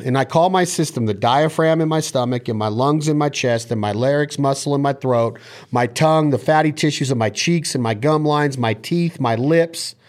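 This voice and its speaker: A man's voice: medium pitch, darkish tone. A man hosting a casual chat on duck calling, speaking with enthusiasm and sometimes breaking into vocal call sounds. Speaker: podcast host.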